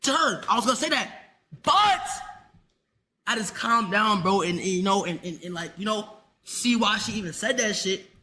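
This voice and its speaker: Very high, bright-voiced teenage streamer. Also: male voice, expressive, moderate pace. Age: teens. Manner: heated, profane, rambling. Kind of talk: ranting live stream talk.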